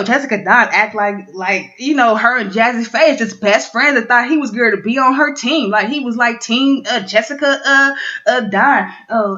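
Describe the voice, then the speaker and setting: Blunt, profane woman with a high voice. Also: sharp tone, lo-fi sound. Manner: blunt, profane, dramatic quoting of cast members. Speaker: reality TV recap reviewer. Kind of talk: casual profane show recap.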